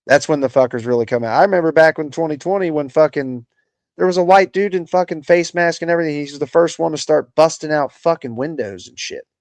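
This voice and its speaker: A man's voice: on the high side, a little fast, no echo. A man hosting a political livestream, ranting in casual, profane, exasperated commentary full of "bro" and "dude.".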